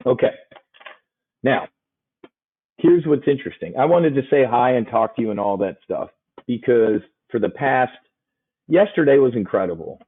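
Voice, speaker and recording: Brash man on a tinny line. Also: medium pitch. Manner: brash, excitable, self-congratulating, quick asides. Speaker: options trading show host. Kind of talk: live market commentary to viewers. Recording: phone-like narrow sound.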